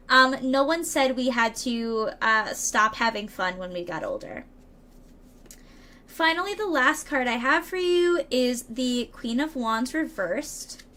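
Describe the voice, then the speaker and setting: A woman with a high voice talking through a live tarot reading. She reads each card's meaning aloud, then drifts into chatty asides to her viewers, stumbling over words and laughing it off. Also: bright, forceful tone. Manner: chatty, playful, reads card texts aloud and riffs with chat. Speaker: streamer doing tarot readings.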